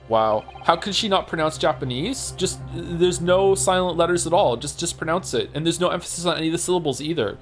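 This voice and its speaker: A man's voice: fairly high pitch, animated, brisk, few pauses. A man streaming a story game live, commenting wryly and swearing freely. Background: game music.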